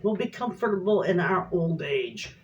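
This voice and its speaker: A woman's voice: on the low side, animated, normal speed, darkish tone, dull audio, a little hiss or hum. A middle-aged woman chatting casually to viewers in her home kitchen, a rambling, folksy storyteller. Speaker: homestead cooking vlogger.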